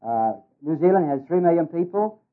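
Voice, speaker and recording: A man speaking to an audience in a folksy, joking way, with many "uh"s and restarts. His voice is a bit high for a man. It comes through thin and tinny, like an old phone-line radio broadcast. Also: animated, fairly quick. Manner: folksy, hesitant with many uh's. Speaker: ministry worker giving a talk. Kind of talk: humorous speech with jokes.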